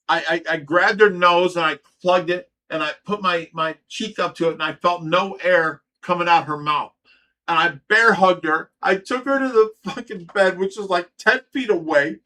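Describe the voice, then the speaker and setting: Telling a story on his livestream, a middle-aged host from Ohio, USA, uses a high, bright, forceful voice. He's casual and profane, and he stammers on repeated words.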